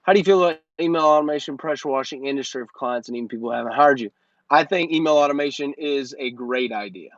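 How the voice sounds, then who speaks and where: A man's voice: medium pitch, fast, no echo, dull audio. A man in his thirties hosting a live Q&A as a business coach, talking in a brash, joking, motivational way into a phone. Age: 30s. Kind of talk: live Q&A stream.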